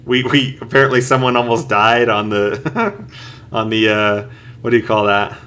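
A man co-hosting a casual podcast, with a middle pitch and a bright, forceful tone. He rambles along, reaching for words as he goes. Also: moderate pace. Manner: rambling, searches for words with many "like"s. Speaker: podcast co-host. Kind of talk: casual chat.

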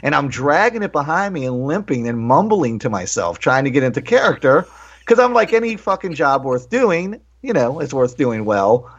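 A man co-hosting a casual talk show, telling stories with animated, profane asides and acted-out quotes. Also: fairly high pitch, moderate pace. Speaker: podcast co-host. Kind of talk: casual storytelling chat. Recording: dull lo-fi sound.

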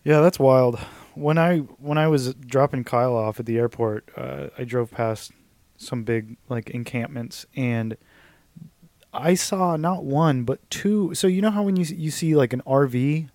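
A man co-hosting a casual, joking chat, rambling and trailing off softly. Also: mid-range voice, measured pace, dry recording, clean studio sound.

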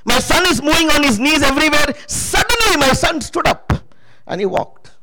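A man's voice: very high-pitched, expressive, moderate pace, heavy background noise. A man preaching a sermon testimony, emphatic and calling out to the congregation for responses.

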